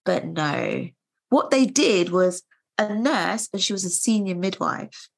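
Animated, indignant woman. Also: fairly low pitch, takes it slowly, gravelly. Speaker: guest sharing her story. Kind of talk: casual conversation.

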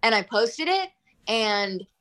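A woman's voice: fairly high pitch, slow. A woman in her twenties, a singer-songwriter, telling stories in a casual interview with lots of fillers. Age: 20s. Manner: chatty, heavy use of "like", animated.

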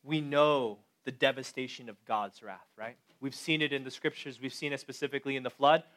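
A man's voice: mid-range voice, a little fast. A man preaching a conversational sermon, talking straight to his listeners and asking them questions. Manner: conversational, animated, addresses the audience directly. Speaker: pastor.

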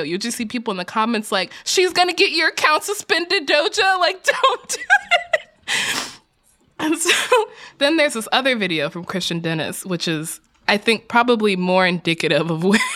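A young woman co-hosts a podcast in a lively voice whose pitch swings up and down. She giggles through her lines and drops the odd casual swear word. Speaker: podcast co-host.

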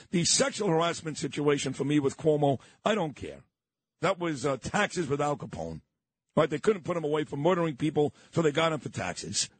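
Heard on a studio microphone with no room sound, this husky, slightly high male voice belongs to a New York-accented morning radio host. He rants in an indignant, confrontational way, hammering the same points repeatedly.

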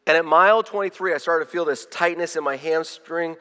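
A man preaching a sermon, telling a personal story with animated swings from loud to hushed and frequent repeated words. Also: on the high side, fairly quick, clear, resonant tone. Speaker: pastor. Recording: long reverb of a large hall.

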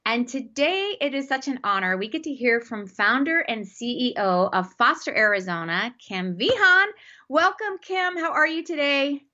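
This is a woman hosting a faith-based interview podcast. She talks with emphatic enthusiasm and laughs easily. Her voice is bright and full of rising and falling melody. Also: high-pitched, expressive, moderate pace, dull audio. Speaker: podcast host.

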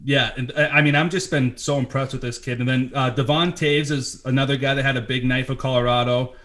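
A man's voice: mid-range voice, steady tone, fairly quick, fairly bright tone. A man co-hosting a sports podcast, teasing his friends, laughing and swearing in casual banter. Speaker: podcast co-host.

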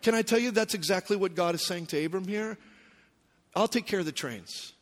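A man's voice: sits high, fairly quick. A man preaching a sermon with emphatic, repetitive phrasing, often asking the audience questions. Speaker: pastor. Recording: long reverb from a hall.

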